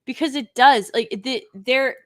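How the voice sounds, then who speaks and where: Woman host of a live review stream, fairly high voice, speaks slowly and hits her points with indignant emphasis. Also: fairly bright tone. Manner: indignant, emphatic, with sighs and restarts. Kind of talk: unscripted live review commentary.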